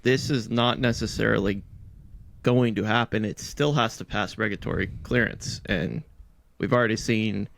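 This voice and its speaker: A man's voice: lowish voice, moderate pace, gravelly, fairly bright tone, a little hiss or hum. A man on a podcast crew adding a cautionary aside from off the main mic.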